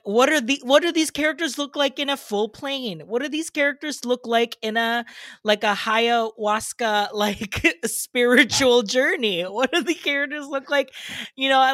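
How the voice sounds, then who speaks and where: Bright-voiced woman hosting a chatty podcast. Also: on the high side, no room sound. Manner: bubbly, laughs often, many likes. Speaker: podcast host. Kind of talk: casual pop-culture chat.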